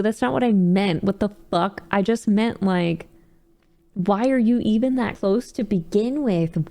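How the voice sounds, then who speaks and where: A woman's voice: mid-range voice, unhurried, gravelly. Woman streamer reacting with laughs. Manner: animated, laughs often, swears casually. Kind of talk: casual live-stream reaction.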